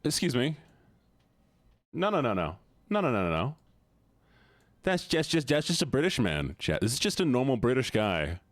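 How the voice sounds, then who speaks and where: A man's voice: medium pitch, very animated, moderate pace, pauses often, no echo. A young man live-streaming, joking with his chat in a casual, profane way.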